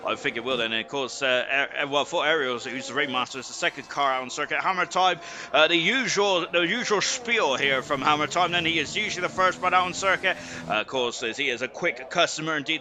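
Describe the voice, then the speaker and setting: This British esports race commentator covers a sim racing league live in a rambling, filler-heavy way, full of self-deprecating banter. He talks fairly quickly in a slightly high voice.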